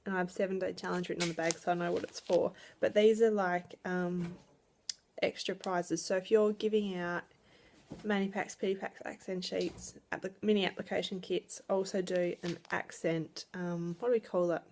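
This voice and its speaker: A woman's voice: lowish voice, fairly even intonation, moderate pace, darkish tone, slight background noise. A young woman chatting casually to camera about her direct sales business, often laughing. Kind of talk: casual vlog chat. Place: at home.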